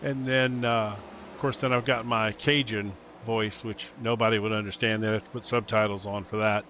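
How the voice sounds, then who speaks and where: A man's voice: lowish voice, little pitch movement, moderate pace, fairly bright tone, slight background noise. A middle-aged man doing casual sim racing commentary, loose and rambling, laughing easily.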